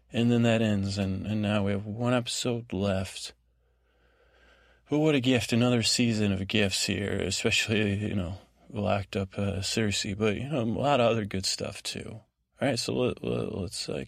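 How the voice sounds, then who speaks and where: A man hosting a sleep podcast, rambling through a TV episode recap in a halting, meandering way full of restarts. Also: medium pitch, vocal fry, no echo, studio quality. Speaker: podcast host.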